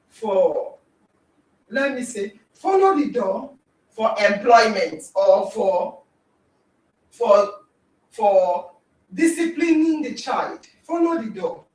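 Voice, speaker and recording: A Nigerian woman hosting a podcast, giving a dramatic, animated talk in which she acts out scenes and exclaims. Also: a little high. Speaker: podcast host. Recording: echoey room, distant mic.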